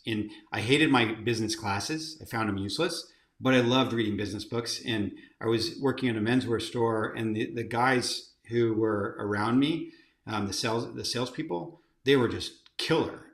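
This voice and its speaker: A man's voice: on the low side, echoey room. A man, a company chief executive, telling career stories as a guest in an interview, with lots of fillers and restarts. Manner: animated anecdotes, many fillers and restarts. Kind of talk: storytelling in an interview.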